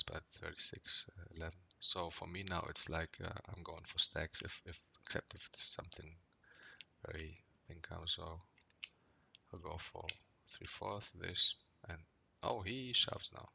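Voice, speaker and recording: Reviewing his poker hands in casual commentary over the game, a man rambles in a low, gravelly voice that sounds pushed and bright. He leans on fillers and "right?", getting heated and cursing when irritated. The recording is dry.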